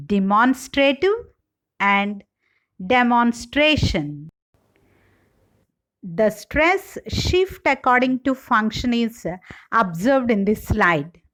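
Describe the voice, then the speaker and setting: A woman giving a slide-based English lecture, reading out example words one by one in a slow, deliberate way. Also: medium pitch, fairly bright tone.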